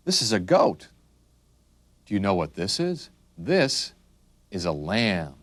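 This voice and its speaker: A man teaching young children the names of animals in a slow, sing-song way, making the animal sounds. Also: low voice, no echo. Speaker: children's video narrator.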